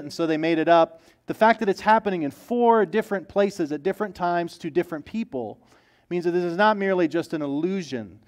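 Conversational man preaching a sermon. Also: a little high. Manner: conversational, animated, acts out quoted voices. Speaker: pastor.

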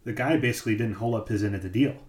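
Racing along in a fairly low, darkish voice, this man co-hosts a podcast and rambles through stories in casual chat, peppered with ums and likes. The room sounds echoey.

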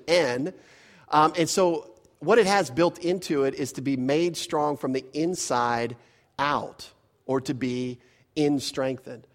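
A male pastor preaches in an earnest, emphatic way, pressing each point home. His voice sits a little on the high side. The sound carries a long reverb, as in a large hall. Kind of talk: sermon.

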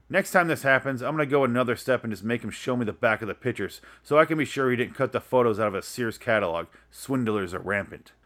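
A man's voice: medium pitch, fairly bright tone. Young man, 20s, for a profane, exasperated comedic rant; sarcastic and blunt. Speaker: vlogger. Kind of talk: ranting comedic monologue. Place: his room.

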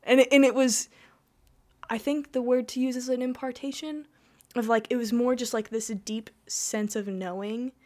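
A woman's voice: a little high, steady tone, moderate pace, a little mellow. Chatty young woman sharing a testimony. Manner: rambling, lots of "like" and restarts, laughs while telling. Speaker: guest. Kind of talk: personal testimony in casual conversation.

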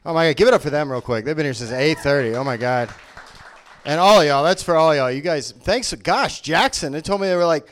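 A man's voice: on the high side, a little fast. A man from Memphis, doing live stand-up on stage in a small venue, rambling energetically and laughing at his own jokes. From Memphis, Tennessee. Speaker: stand-up comedian.

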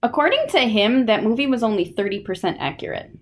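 A woman's voice: fairly high pitch, very animated, quick pace. A young woman co-hosting a casual true-crime podcast, telling the story with crude jokes and lots of swearing. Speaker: podcast co-host.

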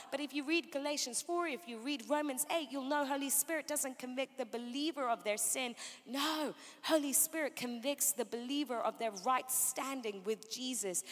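Fast, emphatic woman preacher in a hall. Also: high-pitched, a bit bright. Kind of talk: sermon.

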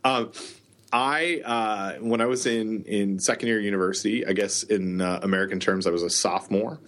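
A man's voice: fairly low pitch, fairly even intonation, moderate pace, fairly bright tone. A middle-aged man co-hosting a podcast, telling rambling stories in casual chat and laughing often. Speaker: podcast co-host.

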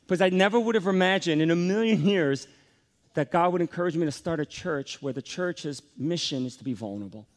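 A man in his forties preaching a sermon as a pastor. His delivery is emphatic, dropping to soft lows and then climbing to energetic peaks. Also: a little fast.

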